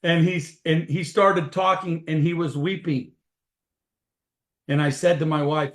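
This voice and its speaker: Folksy, upbeat man with a fairly high voice, webinar storyteller in an echoey room. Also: a little slow, long pauses. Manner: energetic, folksy, animated storyteller. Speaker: network marketing distributor leading a webinar.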